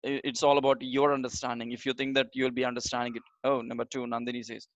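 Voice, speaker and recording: A man teaching a live online communication class in an energetic, motivational way, talking straight to his audience and repeating phrases for emphasis. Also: medium pitch, fast, no echo, muffled recording. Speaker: communication trainer.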